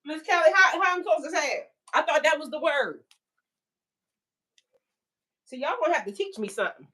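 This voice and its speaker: A woman's voice: high voice, expressive, fairly quick, pushed and bright. A woman hosting a livestream as a spiritual life coach, chatting casually with viewers in a playful, slangy way and laughing often.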